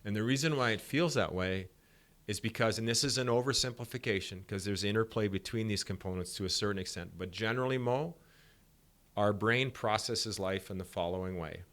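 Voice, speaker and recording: A middle-aged man with a somewhat low voice speaks as a sport psychologist guest on a podcast. He explains ideas through animated stories, acting out the dialogue as he goes. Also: a little fast. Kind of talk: podcast interview.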